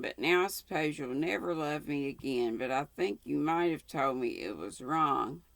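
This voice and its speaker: A woman's voice: low voice, vocal fry, dry recording, heavily acted. A woman voicing a guileless, remorseful little boy in a storybook reading. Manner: slow, homespun storybook reading.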